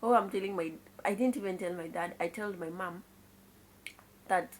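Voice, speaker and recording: Speaking at a normal speed in a lowish voice, with slight background noise, this young Kenyan vlogger recounts a childhood tale to her viewers. Her Kenyan accent comes through as she confides casually, mixing in Swahili and frequently exclaiming "kai."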